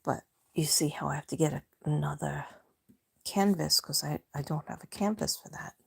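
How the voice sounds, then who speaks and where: A woman chatting casually on a live stream from home, rambling and soft-spoken, often dropping to a whisper. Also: deep voice, moderate pace, creaky, slightly rough.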